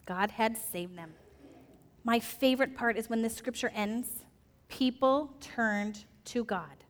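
Lively woman leading a children's Bible talk, with a bright, playful delivery in a long-echo church hall. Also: a little high, slow. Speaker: children's message teacher. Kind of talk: animated Bible story for children.

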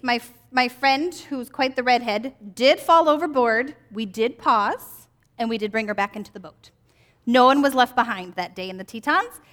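Woman in her 40s, children's ministry teacher, high bright voice, upbeat, keeps asking the kids questions. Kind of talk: children's church lesson.

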